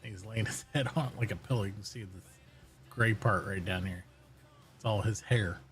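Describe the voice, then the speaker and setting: A man streaming casually from home, chatting and talking fondly and softly to his dog. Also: lowish voice, normal speed, faint music behind, low-quality recording. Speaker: live streamer. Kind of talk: casual chat while streaming.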